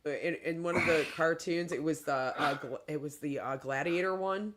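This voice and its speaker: A man's voice: fairly high pitch, moderate pace, noisy background. A man from Michigan with a Midwestern accent, hosting a livestream in casual chat, laughing often and mimicking accents. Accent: Midwestern American. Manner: chatty, laughs often, puts on silly accents. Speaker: livestream host.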